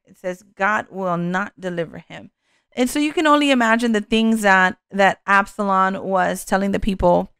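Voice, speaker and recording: A woman's voice: medium pitch, fairly bright tone, smooth, no echo, studio quality. A woman teaching a sermon on a scripture passage, earnest and peppered with "um" and "you know" fillers. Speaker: bible teacher.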